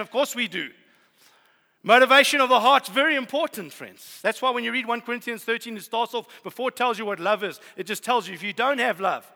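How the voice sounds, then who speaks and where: Male preacher, high gravelly voice, storytelling sermon, reverberant hall. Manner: animated storytelling, swings from loud to hushed.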